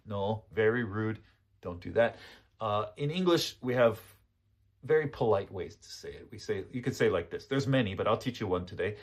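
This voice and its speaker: A man with a husky, somewhat breathy voice leads a relaxed English lesson. He speaks in a patient, easygoing way. He repeats each model sentence, then checks understanding with a quick "okay?". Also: fairly low pitch. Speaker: English teacher. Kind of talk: casual spoken lesson.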